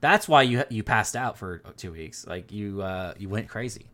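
A man's voice: fairly low pitch, animated, moderate pace, pushed and bright. A man hosting a podcast, talking in a rambling, casual way, with lots of fillers and offhand swearing. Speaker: podcast host. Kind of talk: casual chat.

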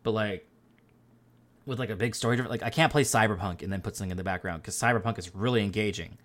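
A man with a fairly low, fairly bright voice hosts a podcast, talking fast in casual chat. His speech rambles, packed with fillers and offhand swearing.

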